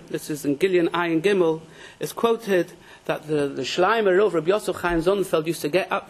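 A man with a high-pitched voice and gives a religious lecture. He tells his stories with dramatic energy and raises his voice sharply when quoting people. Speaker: rabbi teaching a Torah class.

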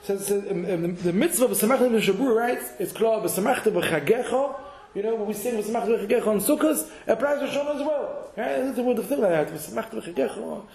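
A man giving a halachic lesson to a class, halting and repeating words as he mixes in Hebrew and Yiddish terms. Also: high voice, lively intonation, crowd noise. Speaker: Torah teacher. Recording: echoey room.

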